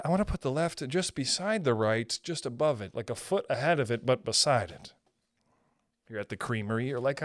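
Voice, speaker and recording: A young man hosting a podcast, rambling profanely in a casual comedic monologue from home and breaking into high-pitched voices. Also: sing-song, brisk, a bit bright, no echo, studio quality. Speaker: podcast host.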